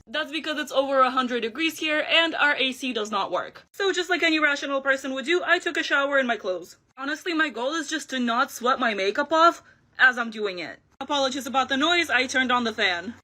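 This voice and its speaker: A woman vlogger chatting excitedly through a makeup tutorial, laughing often. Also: sits high. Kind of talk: casual makeup tutorial vlog.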